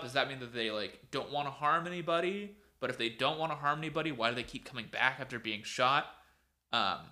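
A man's voice: mid-range voice, bright, forceful tone. A man co-hosting a podcast, retelling a story casually over a video call, filling it with "like" and "um". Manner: rambling, filler-heavy. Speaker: podcast co-host.

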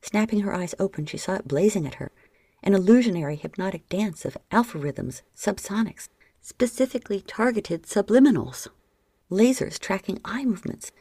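A woman reading an erotic story aloud as audiobook narration, often sinking into a soft whisper. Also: mid-range voice, creaky, slightly rough, no echo. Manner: soft, frequently dropping into whispers.

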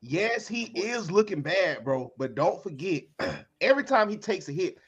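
A young man on a football debate panel, talking in a lively way with repeated words. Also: high voice, normal speed, slightly rough, muffled recording. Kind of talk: heated sports debate.

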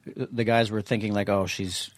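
A man's voice: fairly low pitch, fairly even intonation, normal speed, no room sound. Joking male podcast co-host. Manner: joking, crude interjections. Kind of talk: casual podcast chat.

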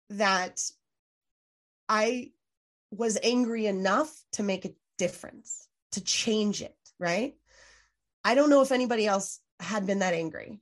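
A woman speaking as a podcast guest in a candid interview, earnest and emphatic, full of "like" fillers and quick restarts, sometimes swearing. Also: mid-range voice. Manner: frequent "like" fillers, self-restarts.

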